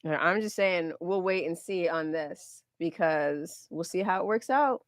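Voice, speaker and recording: A woman on a live podcast who pushes back in an even, steady way. Her voice sits fairly low, and the recording is dry and close. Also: measured pace, no echo. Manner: calm, skeptical, argues her point steadily. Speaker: podcast co-host. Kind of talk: casual live podcast chat.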